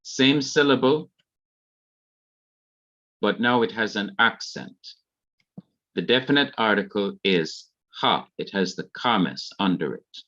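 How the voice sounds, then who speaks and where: A man's voice: lowish voice, lively intonation, takes it slowly, long pauses, a bit bright, muffled recording. A man with a Jamaican accent, carefully explaining grammar rules in an online revision lesson. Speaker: Hebrew teacher.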